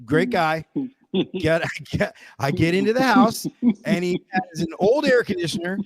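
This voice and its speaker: A man on a casual podcast, rambling and animated as a guest storyteller, restarting his sentences and checking in with his listeners as he goes. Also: high voice, moderate pace, crowd noise.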